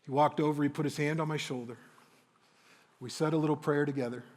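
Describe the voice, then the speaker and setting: A man in his fifties, telling a personal story on stage as a motivational speaker, dramatic and emotional with slow, weighty pauses. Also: fairly high pitch, fairly even intonation, a little mellow, big-room sound. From Windsor, Ontario, Canada.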